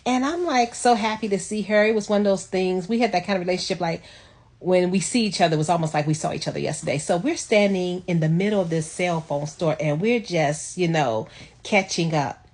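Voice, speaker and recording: A woman casually telling a personal story on her video channel, reflective and lively when she quotes people. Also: fairly low pitch, a little fast. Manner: reflective, animated when quoting others.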